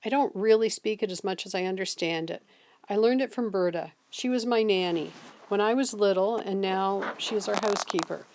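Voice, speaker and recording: A woman's voice: medium pitch, moderate pace, a little mellow, natural voice. A woman voicing a polite, awkward teenage boy who speaks in an earnest, apologetic way.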